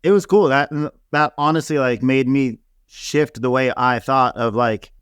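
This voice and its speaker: A man talking casually in an interview, telling stories in an animated way and full of fillers. His voice sits in a middle range. The recording is dry and close, with no room sound. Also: mid-range voice, a little slow, smooth, no room sound. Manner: animated, laughing storyteller with many fillers. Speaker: celebrity hairstylist guest.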